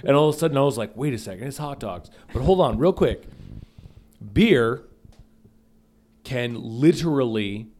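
A man's voice: medium pitch, expressive, normal speed, long pauses, a little mellow. A young man co-hosting a comedy podcast, arguing his side playfully and laughing mid-sentence. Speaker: podcast co-host. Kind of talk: casual comedic banter.

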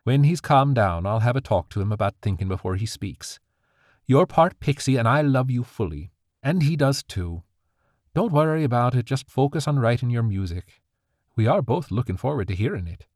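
A man voicing a firm but loving fairy mother who speaks in a measured way. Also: mid-range voice, lively intonation, darkish tone, dry recording, clean studio sound, voice pushed up, close to an everyday voice. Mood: gentle.

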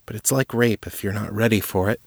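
A man voicing a guarded, troubled young woman telepath who speaks quietly and earnestly in a storybook reading. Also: lowish voice, fairly quick, no room sound, studio quality. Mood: somber.

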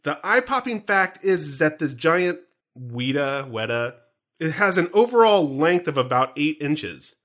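A man with a bright, forceful voice pitched a little high hosts a casual fan podcast. He jokes and teases his co-host in loose, animated banter. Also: measured pace. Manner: joking, teasing, animated.

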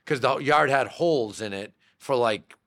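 Here a male real estate brokerage owner from Massachusetts guests on a podcast, telling meandering childhood tales with frequent fillers and restarts. His mid-range voice is fairly bright and moves at a normal speed.

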